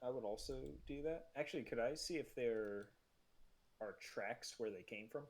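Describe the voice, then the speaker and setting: A man's voice: mid-range voice, normal speed. A man playing a tabletop game who jumps in eagerly with jokes and actions for his character. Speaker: player.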